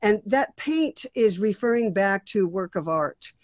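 A woman's voice: mid-range voice, expressive, a little slow, no echo. Brief: woman songwriting mentor, mid-range voice, dry close sound, reflective critique full of restarts. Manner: thoughtful, frequent restarts and fillers. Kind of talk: critiquing a song draft.

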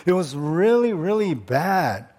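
A man preaching a sermon in an easygoing, conversational way. His voice sits a little high and moves up and down a great deal. He keeps asking his listeners questions. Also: big pitch swings, measured pace, darkish tone. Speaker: pastor.

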